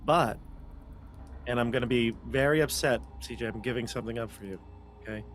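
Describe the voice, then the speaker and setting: Male player, mid-pitched voice, playful asides, faint background noise. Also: a little fast. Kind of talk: casual tabletop play.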